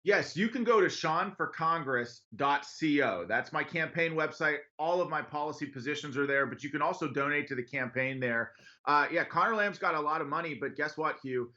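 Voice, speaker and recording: A man in his thirties from western Pennsylvania, a congressional candidate telling his story in an earnest, brisk radio interview. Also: a little high, pushed and bright, dull audio. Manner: earnest, brisk, laughs easily while telling stories.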